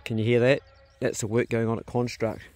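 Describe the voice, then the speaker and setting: A man's voice: mid-range voice, level tone, fairly quick, darkish tone. A man chatting casually as he walks around his rural property, filming on his phone and talking to his animals. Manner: easygoing, rambling commentary with pet talk. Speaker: homestead vlogger. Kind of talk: casual filmed walk-and-talk. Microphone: phone held while walking.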